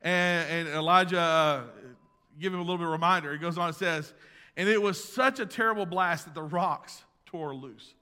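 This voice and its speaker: A man preaching a sermon as pastor, swinging between loud emphasis and hushed asides, recorded in a church sanctuary. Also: fairly high pitch, normal speed, clean tone. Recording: long reverb of a large hall.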